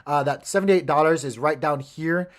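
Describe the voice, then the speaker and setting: A man's voice: on the high side, moderate pace. A man hosting a casual livestream, rambling through charts, talking to his chat and muttering to himself when his gear acts up. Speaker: crypto livestream host.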